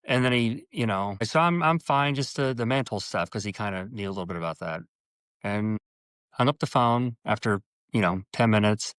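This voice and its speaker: A man as an interview guest telling a personal story earnestly, halting and restarting, and acting out quoted dialogue with his voice jumping up in pitch. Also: a bit bright, clear, resonant tone, no echo.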